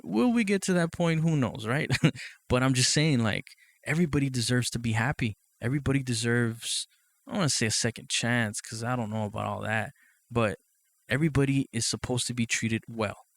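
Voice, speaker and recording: Male podcast host, mid pitch, loose profane storytelling, dry close sound. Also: brisk, gravelly, no echo. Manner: profane, rambling, leans on "you know what I mean"; laughs often between thoughts. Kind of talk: casual monologue.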